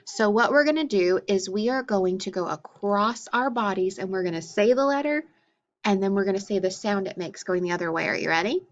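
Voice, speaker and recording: A woman teaching a phonics drill, calling out letters and sounds patiently and clearly and praising her students. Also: medium pitch, a little fast, slight background noise. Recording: dull lo-fi recording.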